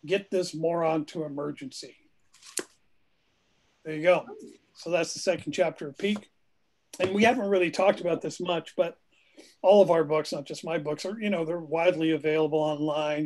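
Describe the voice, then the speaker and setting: A man, a children's author, chatting casually over a video call, upbeat and encouraging. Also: fairly high pitch. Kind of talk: casual chat after a reading.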